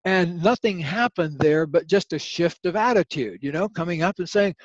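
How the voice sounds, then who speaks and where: An older guest author, his voice a little high, tells stories at a moderate pace during a podcast interview. The sound is dry and muffled. He's an animated storyteller who acts out the voices in each anecdote.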